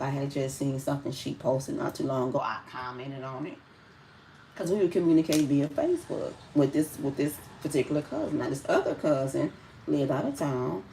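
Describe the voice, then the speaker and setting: A woman's voice: extremely low pitch, warm tone, recorded from a distance, a little hiss or hum, low-quality recording. A woman from Detroit with a Detroit accent, talking casually on a livestream, rambling and restarting her sentences often. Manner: rambling, conversational, with many restarts. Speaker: livestream host.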